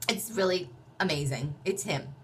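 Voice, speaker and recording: A woman telling a personal story in a chatty, animated way, acting out other people's voices. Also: fairly low pitch, normal speed, a little hiss or hum. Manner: chatty, many fillers and restarts.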